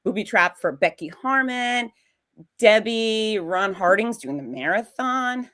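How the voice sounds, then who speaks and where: A woman's voice: mid-range voice, animated, unhurried, pushed and bright. A woman race announcer co-hosting a livestream, bubbly and jokey. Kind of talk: livestream co-host chat.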